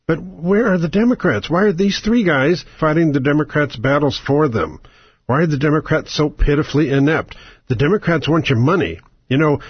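A man's voice: on the high side, slightly rough, no room sound, dull audio. A man hosting a talk radio show, ranting about politics with angry sarcasm, profanity and strings of rhetorical questions.

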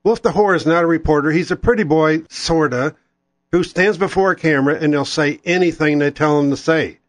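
Brief: angry talk radio host man, slightly raised pitch, very dry sound. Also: fairly quick, dry recording. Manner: angry, sarcastic, ranting. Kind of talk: political talk radio rant.

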